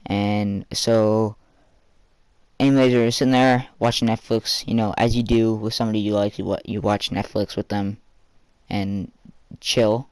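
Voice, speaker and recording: A man's voice: on the low side, flat delivery, normal speed, a little mellow, clear, resonant tone, dry recording. A teenage boy telling a rambling personal story for a vlog, full of fillers and casual swearing.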